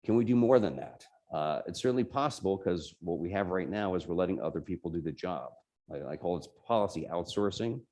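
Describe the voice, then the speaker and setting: A man's voice: low-pitched, animated, fairly quick, darkish tone. A man with a New Jersey accent giving an informal, explanatory talk on tech policy to a user group meeting. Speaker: guest presenter at a computer user group meeting.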